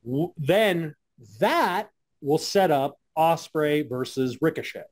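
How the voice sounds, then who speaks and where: A man's voice: fairly high pitch, expressive, slow. A man co-hosting a casual podcast chat, rambling and joking with frequent restarts. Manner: rambling, self-interrupting and joking. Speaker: podcast co-host.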